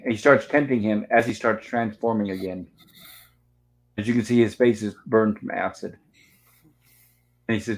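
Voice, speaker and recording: A man's voice: on the low side, steady tone, normal speed, pauses often. A man hosting a live movie review, narrating the film scene by scene and reading out its lines. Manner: retells scenes step by step, reads lines aloud. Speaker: host.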